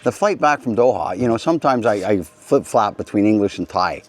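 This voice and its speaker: Brief: middle-aged male host, low voice, loose anecdotal storytelling with restarts. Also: animated, fairly quick. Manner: rambling, anecdotal, with frequent restarts and asides. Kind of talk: casual rambling monologue.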